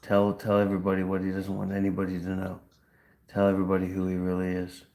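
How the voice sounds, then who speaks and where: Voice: deep voice, monotone, fast, a little mellow. A livestream co-host urging and pleading with the audience and the AI. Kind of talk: livestream chat. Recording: roomy echo.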